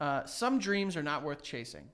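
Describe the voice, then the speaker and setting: A man co-hosts a podcast in casual chat, rambling through stories in a slightly high voice at normal speed. Animated and heavy on "like" fillers, he laughs as he tells them.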